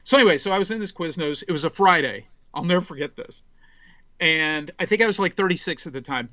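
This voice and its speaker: A man in his forties, a podcast guest, telling an animated, rambling story in casual chat, full of restarts. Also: a little high, quick pace, dry recording, highs cut off.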